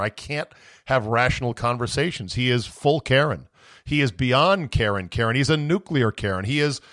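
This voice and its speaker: Sarcastic ranting podcast host. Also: male voice, mid-range voice, no echo, clean studio sound. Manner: sarcastic, indignant, swings into shouting. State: voice going from screaming. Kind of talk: ranting sports talk.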